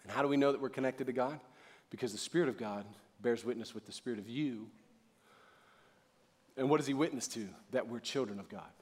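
A middle-aged man preaching a sermon in church, talking casually and joking, then building up to loud, fervent preaching. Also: medium pitch, brisk, pauses often. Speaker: pastor.

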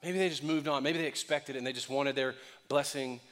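A male pastor preaching a sermon in an expressive, conversational way, with acted-out quotes. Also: mid-range voice, a little fast, big-room sound.

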